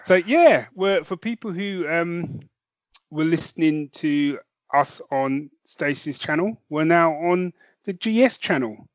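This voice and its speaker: A man's voice: fairly high pitch, animated, slow pace, no echo, dull audio. A man co-hosting a casual podcast chat, dry-humoured and a little rambling. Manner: dry, laid-back, rambling. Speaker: co-host.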